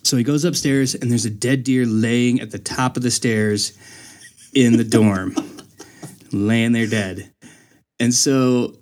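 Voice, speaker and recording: A young man in casual chat, telling a story in an animated way and jumping up in pitch when he quotes people. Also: takes it slowly, long pauses. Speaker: storyteller in conversation.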